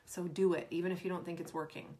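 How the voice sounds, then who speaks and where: Speaking quickly in a lowish voice, a woman performance coach in her thirties answers questions from sports parents. She's earnest and animated, frequently playing out what a parent might say.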